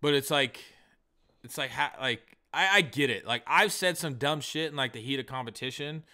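A man chats on a comedy podcast with a bright, forceful voice. He tells his stories casually and swears freely, and he acts out the other people in them. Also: medium pitch, normal speed. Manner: profane storyteller, animated retellings. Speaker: podcast co-host.

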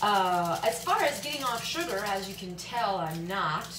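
A woman in her thirties vlogs casually from her home kitchen, recorded on a tripod-mounted camera in an echoey room with background noise. Her medium-pitched voice is animated at a moderate pace, and she's chatty and jokey, breaking into silly sung bits.

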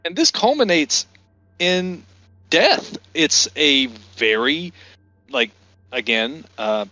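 Man, bright forceful voice, dry muffled mic, casual movie chat. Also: a little high, lively intonation, takes it slowly, dry recording. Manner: retells scenes acting out lines. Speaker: podcast co-host.

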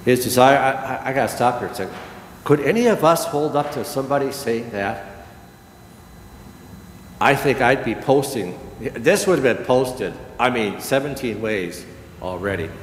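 An older man, a pastor, preaching a sermon slowly and emphatically, with dramatic pauses. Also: mid-range voice, slight background noise. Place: church sanctuary. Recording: echoey church hall with long reverb.

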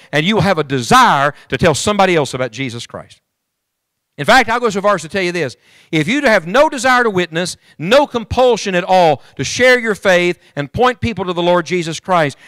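Man preaching, fervent, rising and falling, slightly high voice, dry sound. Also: fairly bright tone, dry recording. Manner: fervent, rising and falling, addresses the congregation directly. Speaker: evangelist preacher. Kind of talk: sermon. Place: church.

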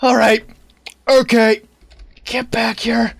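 A man playing a horror maze game, excitably chattering to the game's keys and locks with silly banter and sudden yelps. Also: high voice, measured pace, long pauses, dry recording. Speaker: let's play gamer. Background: game music.

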